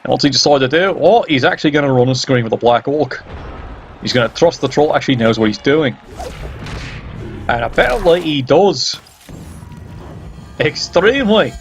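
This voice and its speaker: A man's voice: on the high side, animated, normal speed, pauses often, faint music behind. A man giving casual play-by-play game commentary, sardonic and teasing, swearing freely.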